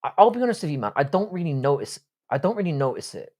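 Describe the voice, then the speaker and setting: A man's voice: on the high side, sing-song, fast talker, darkish tone. A middle-aged man with a posh English accent, hosting a casual live stream with rambling, sweary chat. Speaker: livestream host.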